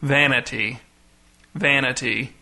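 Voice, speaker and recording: A man voicing an odd, solemn pastor with a deep, sonorous voice who chants slowly in a drawn-out way, as part of a storybook reading. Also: steady tone, vocal fry, pushed and bright, heavily acted.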